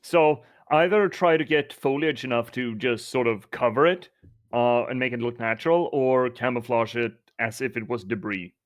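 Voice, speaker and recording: A man's voice: medium pitch, normal speed. A man playing his character in a tabletop game, speaking with mock-formal politeness. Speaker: player.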